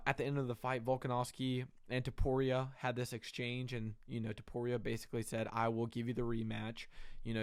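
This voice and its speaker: A young man giving a casual, excited breakdown of a fight, rambling with lots of fillers and the odd curse word. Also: medium pitch, dry recording, studio quality. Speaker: MMA reaction host.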